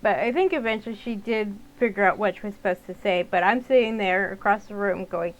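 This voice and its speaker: A woman's voice: medium pitch, fairly quick, poor audio. A young woman narrating a visual novel and chatting casually between lines, with fillers. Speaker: gaming channel host. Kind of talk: let's-play narration and casual commentary.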